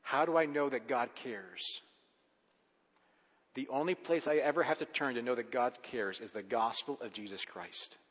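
A man preaching a sermon as pastor, swinging between hushed stretches and loud, emphatic declarations. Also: medium pitch, breathy edge. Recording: long reverb of a large hall.

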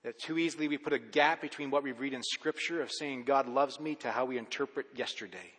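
A man preaching a sermon as pastor, swinging between hushed stretches and loud, emphatic declarations. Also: mid-range voice, fairly quick, slightly rough. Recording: long reverb of a large hall.

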